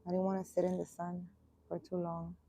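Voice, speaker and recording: A woman energy healer chatting casually outdoors, answering viewer comments aloud in an unhurried way, her throat irritated so her voice keeps catching. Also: lowish voice, completely flat delivery, mellow. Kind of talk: casual live chat. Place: outdoors in the sun, birds around.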